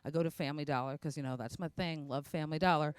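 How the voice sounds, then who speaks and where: Smooth-voiced woman doing stand-up. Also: sits low, fast, no room sound. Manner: conversational, self-mocking storytelling with quoted asides. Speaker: stand-up comedian. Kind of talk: stand-up comedy set.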